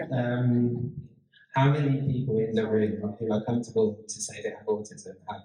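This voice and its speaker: Man, dark and mellow tone, chatty talk speaker, echoey room. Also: mid-range voice, little pitch movement, unhurried. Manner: chatty, rambling, with frequent restarts and laughs. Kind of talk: casual public talk with audience Q&A.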